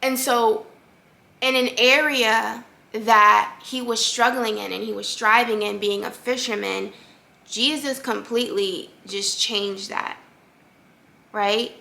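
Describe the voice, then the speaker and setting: Slow-talking woman with a gravelly bright voice. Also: on the high side. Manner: conversational, filler-heavy, earnest and animated. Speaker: podcast host. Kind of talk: casual faith-based podcast monologue.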